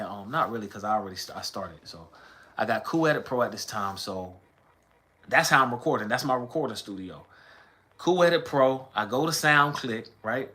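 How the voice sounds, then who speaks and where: A man's voice: medium pitch, pushed and bright. A man in his thirties from the American South with a light Southern accent, casually telling his story to a livestream chat in a rambling, conversational way. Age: 30s. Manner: rambling, conversational, with chanted bits of old raps.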